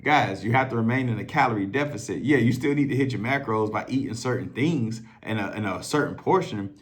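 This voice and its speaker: A man's voice: medium pitch, fairly quick. Loose, profane man telling a story. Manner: loose, profane and conversational, acting out others' voices. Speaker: self-improvement coach. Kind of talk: casual storytelling monologue.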